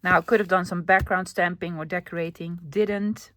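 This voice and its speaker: A Dutch woman with a Dutch accent, a native Dutch speaker chatting casually as she narrates her crafting, often dropping into a soft whisper. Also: on the low side, steady tone, moderate pace, no echo. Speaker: crafting channel host.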